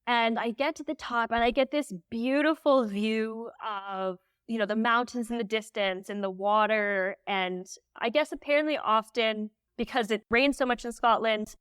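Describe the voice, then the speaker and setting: A woman guest on a podcast telling a story candidly, animated and full of "like" fillers. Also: fairly high pitch, normal speed, few pauses, smooth, dry recording, clean studio sound. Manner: emotional when recalling.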